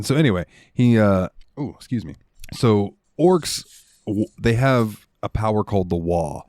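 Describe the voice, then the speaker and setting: In this casual chat, a young gaming-podcast co-host tells loose, wandering stories packed with ums and likes. He speaks a little slowly and expressively, his lowish voice slightly mellow. It's studio-quality audio with no room sound.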